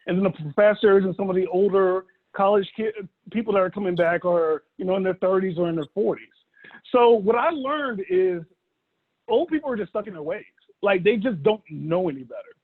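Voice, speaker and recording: A man in his thirties from Dallas, Texas, performing a stand-up comedy set, telling animated stories with acted-out quotes into a phone held by his son. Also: high-pitched. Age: 30s. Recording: thin phone-like audio.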